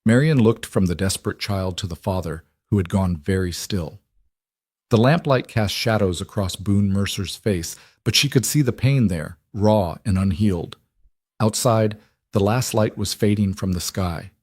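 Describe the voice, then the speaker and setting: A man reading a romance story aloud as scripted narration, steady and even. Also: on the low side, normal speed, no echo. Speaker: audiobook narrator.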